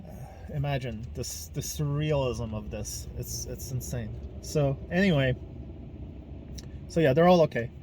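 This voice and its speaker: A man's voice: medium pitch, a little slow, background noise. A man from Ukraine, hosting a casual podcast monologue in a blunt, emphatic way, swearing freely. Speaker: podcast host.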